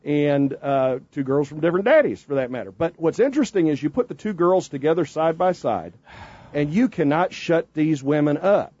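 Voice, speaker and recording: A Southern man with a somewhat high, husky voice hosts morning radio banter, rambling from story to story and tripping over his own words. The broadcast audio sounds a little muffled. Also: lively intonation, normal speed, darkish tone. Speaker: radio show host.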